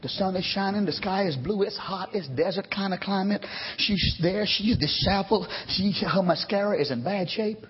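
A middle-aged man, a pastor, preaching a revival sermon in a church, swinging between shouting and hushed storytelling and calling on the congregation. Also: sits high, moderate pace, breathy edge. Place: church sanctuary. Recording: dull lo-fi church recording.

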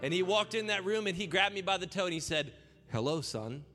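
A young man, a pastor, telling his own story in an animated sermon that rises into a preaching cry. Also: high-pitched, quick pace, big-room sound, faint music behind. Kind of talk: sermon testimony.

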